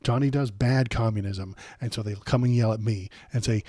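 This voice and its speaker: A man's voice: lowish voice, steady tone, fairly quick, hardly any pauses, mellow, husky, no room sound, clean studio sound. A man hosting a political livestream, ranting bluntly and sarcastically with profanity, his throat sore from a cold. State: coming down with a cold, throat bothering him.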